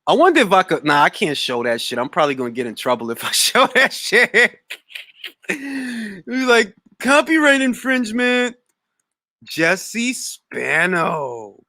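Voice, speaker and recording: A man's voice: high voice, big pitch swings, moderate pace, pushed and bright, no echo, studio quality. A man hosting a boxing talk stream, casual, profane and jumping between topics. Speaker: boxing talk show host. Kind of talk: casual livestream chat.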